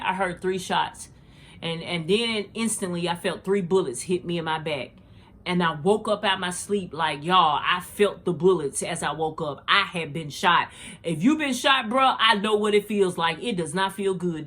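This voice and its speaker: A middle-aged woman hosting a podcast, telling a personal faith story in a casual, slangy way and talking straight to her listeners. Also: lowish voice. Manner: animated, slangy, addresses listeners as y'all. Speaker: podcast host.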